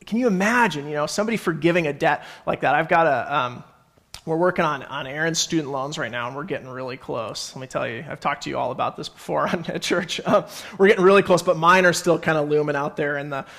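A man's voice: a little high, quick pace, vocal fry, a bit bright. A young adult man giving a conversational sermon as pastor, reading scripture and stopping to explain it. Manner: conversational, self-correcting, reads scripture aloud.

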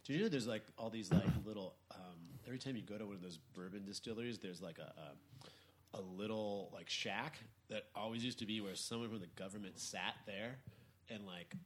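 Fast-talking man rambling over drinks. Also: fairly low pitch, slight background noise. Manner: rambling, trails off and restarts. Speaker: podcast co-host. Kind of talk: casual chat over drinks.

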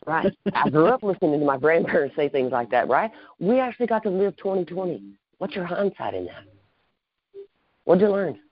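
A man's voice: on the high side, big pitch swings, a little fast, no room sound. An earnest man hosts a podcast conversation, talking things through in a reflective, chatty way. His voice is recorded dry and close, with a slightly dull, muffled top end. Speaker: podcast host. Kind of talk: casual interview chat.

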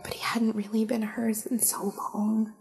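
A woman narrating a story in a hushed, breathy manner, often sinking close to a whisper. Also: fairly high pitch, little pitch movement, a little slow, faint music behind.

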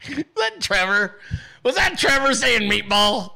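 Bright-voiced, profane podcast host. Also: male voice, very high voice, sing-song, slow pace, gravelly. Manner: profane, rambling, laughs often. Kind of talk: casual political commentary.

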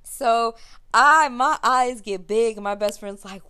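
A woman's voice: mid-range voice, a little slow, smooth. Young woman spinning a funny teen story on her podcast, acts out everybody, laughs a lot. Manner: animated, acts out quotes, laughs while telling. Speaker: podcast host. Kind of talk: casual storytelling.

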